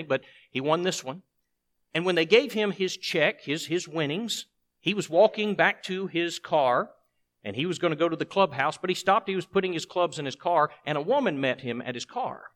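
A man's voice: on the high side, animated, a little fast, fairly bright tone. A man preaching a sermon with emphasis, putting rhetorical questions to his congregation.

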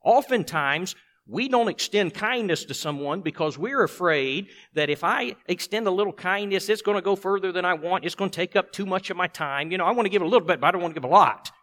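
Emphatic higher-voiced preacher. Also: male voice, fairly quick, fairly bright tone. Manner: emphatic, asks the congregation rhetorical questions. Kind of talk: sermon.

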